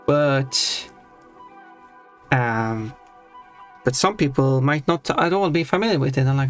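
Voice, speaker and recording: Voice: mid-range voice, slow pace, long pauses, soft background music. A streamer from Sweden, chatting casually on a live stream, rambling and restarting sentences, laughing now and then at their own points.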